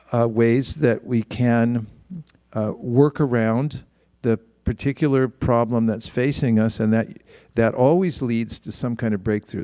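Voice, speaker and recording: A man's voice: medium pitch, warm tone, dry recording, studio quality. A man giving a spiritual talk in a conversational way, often restarting his sentences and livening up for quoted asides.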